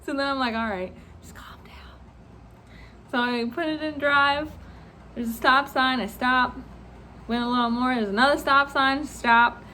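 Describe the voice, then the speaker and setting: A young woman with a high voice tells a story to the camera, animated and laughing between lines. She swears freely and acts out the people she quotes. Faint noise sits behind her. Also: normal speed. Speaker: vlogger. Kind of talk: casual storytelling vlog.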